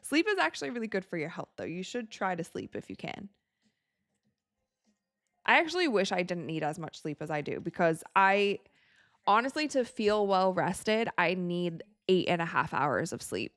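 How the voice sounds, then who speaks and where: A woman hosting a live watch party, chatting casually, reading viewer comments and reacting with excited outbursts to the plays. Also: on the low side, moderate pace, no room sound, studio quality. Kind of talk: casual live-stream chat and game reactions.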